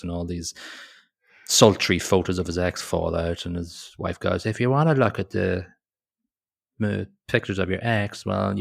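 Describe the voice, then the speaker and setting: A man's voice: deep voice, vocal fry, husky. A man co-hosting a casual movie podcast, rambling through the plot and laughing as he goes. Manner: rambling, laughs often, quotes characters in mock voices. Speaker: podcast co-host. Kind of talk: casual movie review chat.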